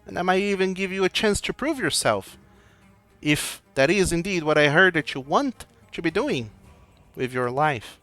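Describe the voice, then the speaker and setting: A man voicing a smooth-talking patron who tries to lure a young fighter away, speaking in a slow, coaxing voice. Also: on the high side, animated, sharp tone, soft background music, voice pushed up.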